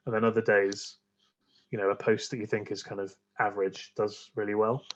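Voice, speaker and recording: A man's voice: lowish voice, little pitch movement, a little fast, dull audio. A man, a guest on a podcast, chatting casually and rambling with many fillers and restarts. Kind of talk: casual interview chat.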